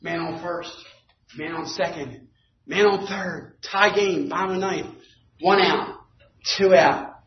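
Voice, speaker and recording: A man with a high voice tells a lively story to a recovery group and climbs to shouting at the climax. He is caught from across an echoing meeting room on a dull, muffled recording with a faint hum of room ambience behind him. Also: slow pace. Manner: animated, building to shouting at the climax. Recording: echoey room, distant dull mic.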